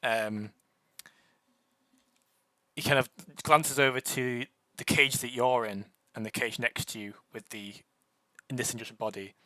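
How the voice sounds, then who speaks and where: A young man narrating a tabletop game as game master, halting with many restarts. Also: medium pitch, fairly even intonation, sharp tone, dry recording.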